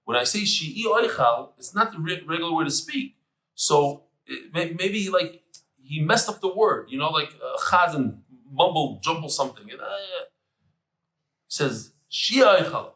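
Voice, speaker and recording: A man giving a lively, chatty Talmud lesson in English, mixing in Hebrew terms. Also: a little high, measured pace, echoey room, rough recording. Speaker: Daf Yomi teacher. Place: room with tables and air conditioner.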